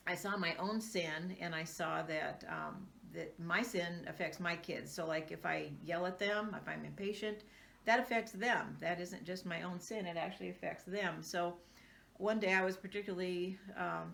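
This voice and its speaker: A woman's voice: lowish voice, creaky, a bit bright. An older woman sharing personal faith stories in a casual, earnest monologue, with frequent ums. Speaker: homeschooling vlogger.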